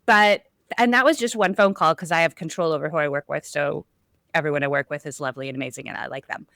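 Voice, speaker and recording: A woman's voice: sits low, quick pace, a bit bright, no room sound, studio quality. A woman hosting a podcast conversation, talking casually with plenty of fillers and restarts. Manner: chatty, lots of fillers and restarts. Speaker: podcast host.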